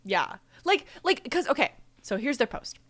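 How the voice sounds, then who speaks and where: Young woman in her 20s gabbing on a podcast, bright voice, dry close sound. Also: high voice, moderate pace, no echo. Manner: chatty, animated, says "like" a lot. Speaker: podcast co-host. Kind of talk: casual chat.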